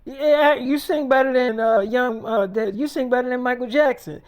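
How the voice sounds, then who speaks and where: A man's voice: very high voice, moderate pace, clear, resonant tone. Man playing a film producer, brash, blunt, swearing, confident dealmaker. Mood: pitching. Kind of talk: improvised freestyle role-play.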